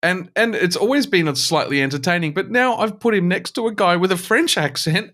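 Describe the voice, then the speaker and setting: A man's voice: a little high, big pitch swings, brisk, a bit bright. A man, co-hosting a podcast, who tells a rambling story and laughs often. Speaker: podcast co-host. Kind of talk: casual chat.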